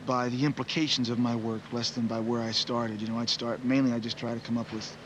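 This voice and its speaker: A man's voice: mid-range voice, little pitch movement, brisk, lo-fi sound, noisy background. Reflective man musing in an interview. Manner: rambling, reflective, many "you know" fillers. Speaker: musician. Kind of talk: casual interview answers.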